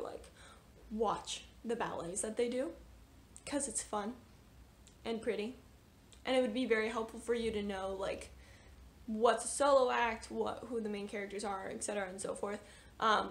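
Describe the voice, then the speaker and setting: Chatty, gushing woman. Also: a little high. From United States. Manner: chatty and gushing, with frequent fillers and exclamations. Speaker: book reviewer. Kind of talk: casual book review vlog.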